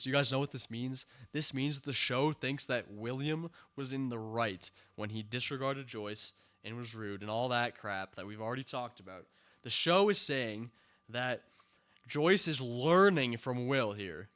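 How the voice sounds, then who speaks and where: Man, show reviewer, ranting commentary, exasperated, sighing, bright tense voice. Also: mid-range voice, normal speed. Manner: exasperated, sighing and laughing in disbelief.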